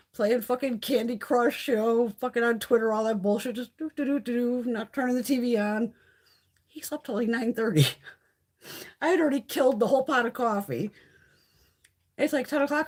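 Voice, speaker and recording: A woman's voice: a little high, moderate pace. A middle-aged woman chatting casually with viewers on a live stream, swearing freely and acting out quoted conversations. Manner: swears constantly, chatty and animated, acts out quoted exchanges.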